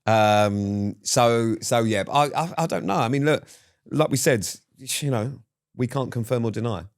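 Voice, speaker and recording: A man's voice: medium pitch, unhurried. A British man co-hosting a podcast in casual chat, dry and teasing as he steers the talk. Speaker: podcast co-host.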